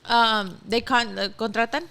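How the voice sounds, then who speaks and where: Bright-voiced chatty woman co-host. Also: on the high side, steady tone, moderate pace, creaky, clean tone. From Texas. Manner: chatty, mixes English and Spanish. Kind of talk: casual chat.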